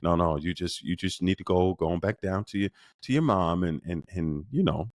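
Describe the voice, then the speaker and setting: A man voicing his gentle, weary elderly grandmother as she softly turns a child away. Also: low-pitched, normal speed, no echo, clean studio sound, natural voice.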